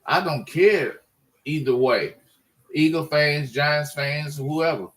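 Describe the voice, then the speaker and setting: A man's voice: on the high side, slow pace, fairly bright tone, poor audio. A man ranting in a casual monologue, frustrated and rambling, often restarting his sentences. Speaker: sports fan vlogger.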